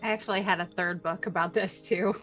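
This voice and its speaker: A woman's voice: fairly low pitch, steady tone, a little fast, fairly bright tone, soft background music. A woman playing her character in a tabletop game, playful and insistent. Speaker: player.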